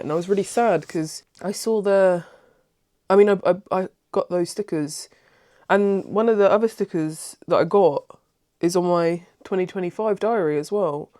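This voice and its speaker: A woman's voice: on the low side, mellow, dry recording, studio quality. A woman vlogging at home in a casual, rambling chat, emotional and easily moved, often breaking off and restarting. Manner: rambling and self-interrupting. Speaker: craft vlogger.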